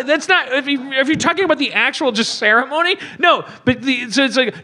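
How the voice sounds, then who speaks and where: High-voiced man ranting animatedly. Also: brisk. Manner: animated ranting, swearing, mimicking characters. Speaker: podcast guest comedian. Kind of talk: comedic movie rant.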